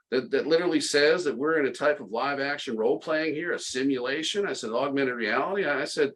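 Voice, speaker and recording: A man's voice: mid-range voice, expressive, fairly quick, few pauses, a bit bright, a little hiss or hum, low-quality recording. Middle-aged man telling a story sarcastically. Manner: sarcastic, tongue-in-cheek, many restarts. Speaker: podcast guest. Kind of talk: casual storytelling.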